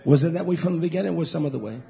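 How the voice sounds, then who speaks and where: A male pastor delivering a sermon in an emphatic, repetitive cadence, swinging between shouting and hushed near-whispers. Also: on the high side, racing, gravelly. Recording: dull lo-fi recording.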